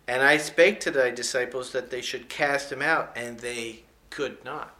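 A man preaching a sermon, reading scripture aloud in a slow, emphatic way and adding folksy, joking comments between the verses. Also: mid-range voice, pushed and bright. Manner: slows down and stresses key scripture words.

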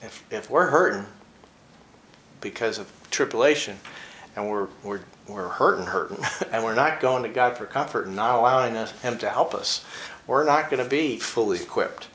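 A man teaching the Bible in a relaxed, conversational way, often chuckling and reading verses slowly with emphasis. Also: mid-range voice. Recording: echoey room with faint ambient noise.

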